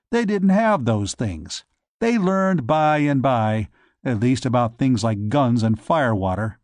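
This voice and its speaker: A man reads a novel aloud in a measured, storytelling delivery. His voice sits a little high, and the recording is dry and close with no room sound. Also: a little mellow, no room sound. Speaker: audiobook narrator. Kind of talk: scripted narration.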